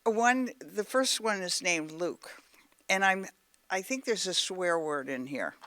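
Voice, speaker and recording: Older female poet, measured recitation, slow pace, dry room. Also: fairly low pitch, expressive, fairly bright tone, no room sound. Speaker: poet reading her work. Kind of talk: poetry reading.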